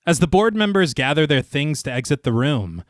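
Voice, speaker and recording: A man's voice: sing-song, normal speed, no echo, clean studio sound. A man co-hosting a podcast, narrating a scripted film recap with a dramatic storytelling manner and casual asides. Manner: dramatic storytelling, reads movie quotes in a lowered voice, laughs at his own jokes. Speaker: podcast co-host.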